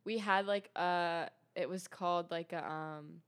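Young woman guest, low and resonant, telling her story earnestly in relaxed chat. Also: unhurried, smooth. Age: young adult. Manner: earnest, many fillers and restarts. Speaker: guest sharing testimony. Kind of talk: casual faith testimony chat.

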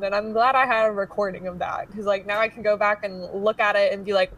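A young woman streamer chats as a podcast guest in an animated, loose way, full of "like" and laughter. Her voice sounds a little off-mic. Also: mid-range voice, fast talker, hardly any pauses, far from the mic. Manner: animated, says "like" a lot, laughs often. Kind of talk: casual chat.

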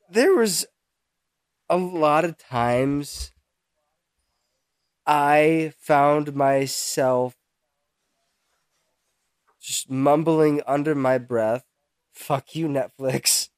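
Slow, halting young man with a dry voice. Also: on the high side, clear, resonant tone, dry recording. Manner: halting, rambling, searches for words, swears. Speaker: podcast co-host. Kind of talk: casual chat.

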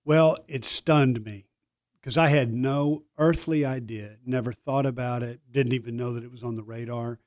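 An older man tells stories as a guest in a radio studio. He pokes fun at himself and stays modest. His voice sits at a middle pitch, and the sound is dry and close. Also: fairly even intonation, moderate pace, a little mellow, no echo. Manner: storytelling, humble and self-deprecating. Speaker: guest, former player and broadcaster. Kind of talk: casual studio interview.

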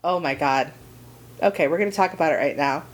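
A woman's voice: low voice, a little fast, very noisy. Gushing, rambling woman podcast host. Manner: gushing, rambling storyteller with many restarts. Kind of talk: casual chat.

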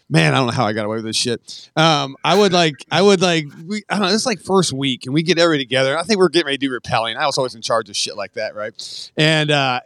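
A man's voice: a little high, a bit bright, dry recording, clean studio sound. A middle-aged man telling stories in a casual podcast chat, swearing and laughing often as he rambles. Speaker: podcast guest.

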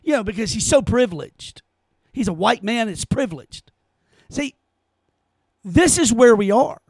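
A man's voice: very high voice, animated, measured pace, a little mellow, dry recording. A man giving an opinion monologue in an emphatic, rhetorical way, often repeating his phrases. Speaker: commentator.

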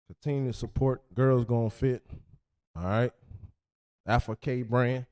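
Male podcast host, loose slangy sign-off, lively and animated. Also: medium pitch, measured pace. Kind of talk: casual sign-off monologue. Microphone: podcast mic.

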